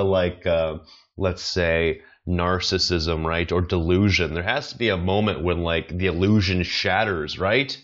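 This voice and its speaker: A deep-voiced man from the States hosts a rambling solo comedy podcast. He wanders off topic, fills gaps with "you know," and chuckles at his own jokes. The recording is muffled and lo-fi. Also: slow pace, a bit bright. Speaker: podcast host, amateur comedian. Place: apartment in China.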